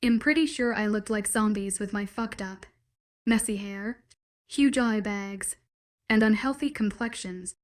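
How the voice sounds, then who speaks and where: A woman narrating a first-person romance story in a steady, soft-spoken way. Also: mid-range voice, a little slow.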